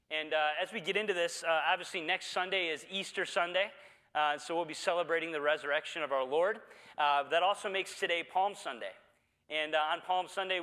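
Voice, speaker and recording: A pastor delivers his sermon in a bright, slightly high voice, easy and conversational, with plenty of "uh" fillers. His words ring out with a long reverb, as if he is at the front of a church hall. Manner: conversational preaching with frequent "uh" fillers.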